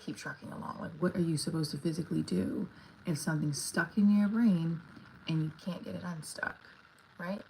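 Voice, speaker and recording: A woman's voice: on the low side, steady tone, moderate pace, gravelly, a little mellow, slight background noise, rough recording. Rambling woman livestreaming casual chat. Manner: rambling, filler-heavy, talks to viewers. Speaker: comedian livestreaming.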